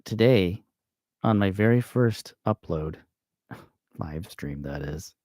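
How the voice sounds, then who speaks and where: American guy slowly thinking out loud about grammar, lowish voice, dry close sound. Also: lively intonation, no room sound. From United States. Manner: slow and thinking aloud, with fillers and self-corrections. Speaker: channel host. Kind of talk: casual grammar explainer livestream.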